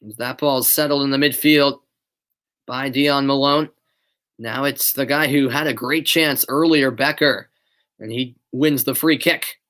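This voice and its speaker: Bright-voiced teen boy with a light Boston accent calling a soccer match. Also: mid-range voice, unhurried. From Boston area, USA. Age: late teens. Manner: chatty, answers viewers' chat between plays; animated calling of play, relaxed and hesitant in chat. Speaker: amateur play-by-play commentator. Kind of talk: live streamed play-by-play commentary with chat.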